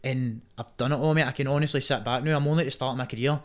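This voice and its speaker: A young Scottish Muay Thai fighter, a guest on a podcast, chats casually at a very fast pace in a medium-pitched voice with fairly even intonation. He's emphatic, swears heavily, and ends nearly every sentence with "mate".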